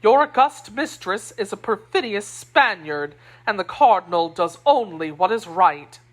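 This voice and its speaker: Reading an audiobook, a woman voices a self-important, timid middle-aged male mercer who comes across as proud, defensive, and pompous. Her own voice is mid-range, animated, and unhurried.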